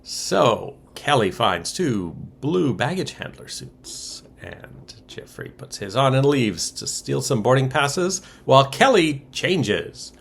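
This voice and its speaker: A man's voice: medium pitch, big pitch swings, slow pace, creaky, few pauses, a little hiss or hum. A man co-hosting a podcast, casually recapping soap opera episodes with wry asides and chuckles. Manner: wry, chuckles through summaries, many ums and uhs.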